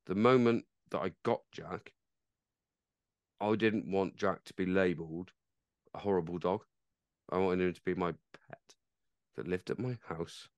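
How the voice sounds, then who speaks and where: A man with a low, smooth, resonant voice chats casually on a pub-style podcast. He swears freely and restarts his sentences as he goes. The sound is dry and close. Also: dry recording. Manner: chatty, swears, trails off and restarts. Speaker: podcast host.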